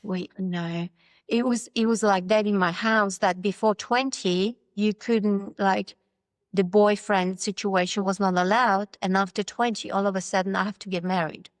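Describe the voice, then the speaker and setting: Woman, polish-born, interview guest, candid storytelling, wry humor, mid-pitched, dry close sound. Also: fairly even intonation, moderate pace, no room sound. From Poland. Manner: candid and wry, acting out quoted voices, laughing often.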